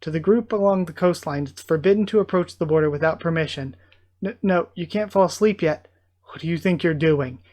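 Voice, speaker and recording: A stern, commanding border guard, read aloud by a man. He issues blunt warnings in a flat, official way, like a manga character being read out. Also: a little high, a little fast, close to an everyday voice.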